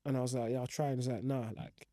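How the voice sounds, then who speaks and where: With a crowd audible in the background, a young professional footballer guest recounts his career in rambling, slangy storytelling loaded with fillers. He speaks at a racing pace in a medium pitch with little pitch movement.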